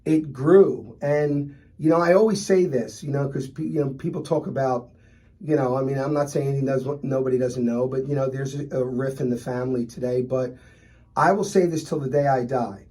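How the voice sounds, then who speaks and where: Telling stories as a guest in a relaxed interview, this middle-aged restaurant owner from Philadelphia animatedly impersonates the customers in his tales. He speaks with a medium pitch at a moderate pace.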